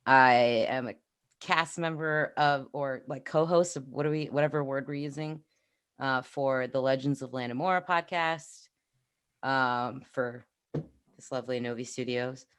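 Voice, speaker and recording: A woman's voice: extremely low pitch, measured pace, smooth. A woman in her thirties from New York with a New York accent, co-hosting a podcast and chatting casually on a livestream, rambling and laughing often. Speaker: podcast co-host.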